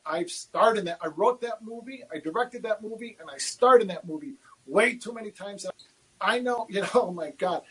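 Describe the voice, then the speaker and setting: A man, a guest futures trader, answering livestream questions in a candid, animated, self-deprecating way, often repeating his words. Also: sits high, breathy edge, rough recording.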